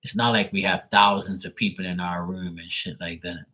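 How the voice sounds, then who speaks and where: Low husky-voiced man ranting casually. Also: flat delivery, normal speed, sharp tone. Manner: profane, mocking, laughs often. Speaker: livestream host. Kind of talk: casual rambling chat.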